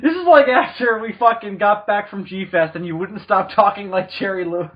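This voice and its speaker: High, husky joking podcast host. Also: male voice, moderate pace. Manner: joking, swearing, laughs often. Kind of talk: casual comedic chat. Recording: dull, muffled podcast audio.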